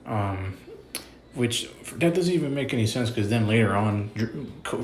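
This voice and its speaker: A man's voice: on the low side, a little hiss or hum. Exasperated man ranting casually. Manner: exasperated, repetitive, heavy filler words and cursing. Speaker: wrestling commentator. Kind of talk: casual opinion rant.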